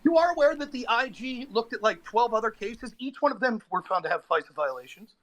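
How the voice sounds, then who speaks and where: High-voiced sarcastic man in a debate. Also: expressive, fairly quick, a bit bright, low-quality recording. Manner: sarcastic, talks over the other speaker. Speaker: debate guest. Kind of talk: heated debate.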